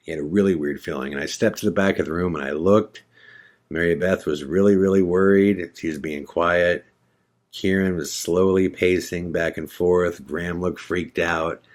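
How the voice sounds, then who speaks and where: A man's voice: sits low, fairly even intonation, normal speed. A man hosting a podcast, retelling a tense night with dramatic repetition and suspense. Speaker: podcast host. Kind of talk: storytelling podcast narration.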